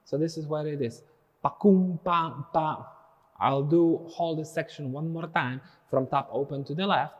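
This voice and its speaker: Male dance teacher, slightly high voice, counting beats and scatting drum patterns. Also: fairly even intonation, moderate pace, hardly any pauses, highs cut off. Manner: counts and sings drum rhythms aloud. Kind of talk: follow-along dance lesson.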